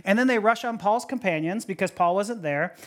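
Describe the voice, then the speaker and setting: A woman pastor preaching a sermon in an animated way. She laughs often, repeats words as she goes, and asks many rhetorical questions. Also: medium pitch, brisk.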